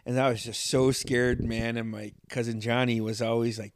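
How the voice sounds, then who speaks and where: A man's voice: medium pitch, normal speed, crowd noise. A man hosting a podcast, telling stories in casual chat and swearing often. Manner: swears a lot, animated storytelling. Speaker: podcast host.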